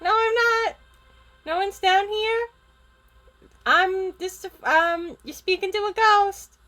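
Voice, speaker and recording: Cast: a woman playing a shrill, panicky little boy in a tabletop game, very high voice. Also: slow pace, bright, forceful tone, soft background music, full character voice. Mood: panicked. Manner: frantic, shrill denials.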